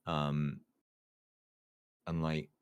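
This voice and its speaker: A man's voice: a bass voice, flat delivery, very slow, smooth. A man chatting casually on a podcast, hesitant and laughing often. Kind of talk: casual chat.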